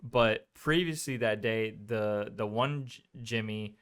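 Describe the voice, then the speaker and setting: A man's voice: fairly low pitch, slow pace, clear, resonant tone. A man co-hosting a podcast, casually retelling a movie's scenes and acting out the characters' lines. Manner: animated retelling with quoted lines. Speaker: podcast co-host. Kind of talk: casual movie review chat.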